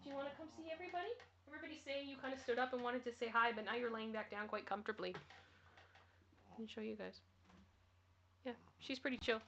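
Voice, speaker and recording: Woman livestream host, casual chat, bright, slightly high voice, giggly. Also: steady tone, fairly quick, long pauses, dull audio, slight background noise. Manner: chatty, giggles often, reads out viewer comments. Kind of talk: casual chat with live viewers.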